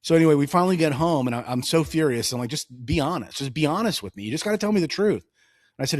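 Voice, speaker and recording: Animated dad telling stories, dry close mic. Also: male voice, on the high side, racing, no echo. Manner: animated storytelling, acts out dialogue. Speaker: podcast co-host. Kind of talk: casual political chat.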